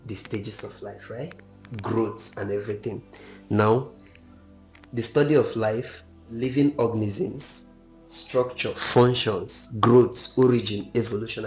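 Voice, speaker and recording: A man's voice: lowish voice, gravelly. A young man in a casual group discussion, explaining things step by step and checking that others follow. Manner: explaining, lecturing tone with checks like "right?".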